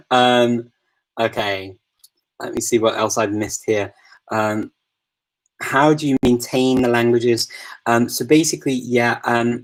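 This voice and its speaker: A man's voice: mid-range voice, poor audio. Upbeat man hosting a live Q&A. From United Kingdom. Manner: thoughtful and upbeat, calls himself a positive person. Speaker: host of a live Q&A. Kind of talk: casual live Q&A answering viewer questions.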